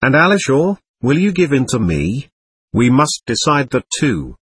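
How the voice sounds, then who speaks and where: A man's voice: medium pitch, big pitch swings, unhurried, slightly rough, no room sound. A man reading the part of a playful, teasing young woman who speaks eagerly and fervently.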